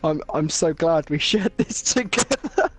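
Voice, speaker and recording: A man chatting with his friend during a gaming session, laughing often in relaxed banter. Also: on the high side, unhurried, slightly rough, faint music behind. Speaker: friend co-commentator. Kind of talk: casual chat.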